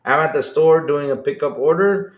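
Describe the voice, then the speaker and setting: A man's voice: a little high, moderate pace, reverberant, lo-fi sound. A man hosting a podcast in casual live-stream chat, rambling and reading out chat messages. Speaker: podcast host.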